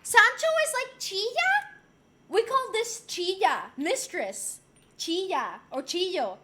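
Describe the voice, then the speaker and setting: A woman from Rico, chatting casually on a live stream. She is excitable and swears freely. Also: extremely high pitch, slow. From Puerto Rico.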